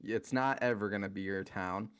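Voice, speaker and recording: A man's voice: on the low side, fairly even intonation, normal speed, a bit bright, clean tone. A man ranting hotly on a podcast. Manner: heated, profane ranting. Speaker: podcast co-host. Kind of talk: casual sports chat.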